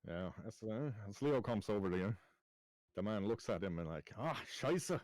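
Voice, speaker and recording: A man narrating as game master of a tabletop game, relaxed and halting. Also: fairly low pitch, no echo. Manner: relaxed, full of uhs and restarts.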